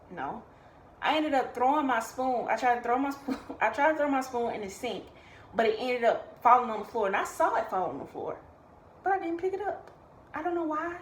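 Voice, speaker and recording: A young woman, casually telling a personal story in a vlog and acting out what others said. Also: a little high. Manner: animated, acts out quoted voices. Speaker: vlogger. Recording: echoey room, faint background noise.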